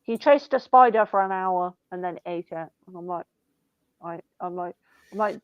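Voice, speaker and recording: A woman's voice: lowish voice, normal speed, clean tone, dry recording, dull audio. A young woman in casual chat, telling rambling family stories full of swearing and "I'm like".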